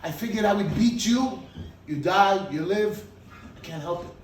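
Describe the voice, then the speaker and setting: A man's voice: high voice, moderate pace, a little hiss or hum, pitched above the performer's own voice, close to an everyday voice. A man voicing a remorseful man who earnestly explains a desperate choice he made in wartime. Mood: pleading. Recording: echoey hall, mic from far off.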